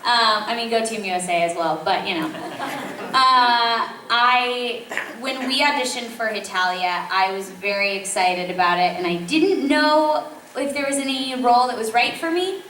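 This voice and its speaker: A woman's voice: fairly high pitch, measured pace, sharp tone. A woman voice actress answering audience questions at a convention panel, chatty and enthusiastic, rambling with fillers. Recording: echoey hall from far off, faint noise.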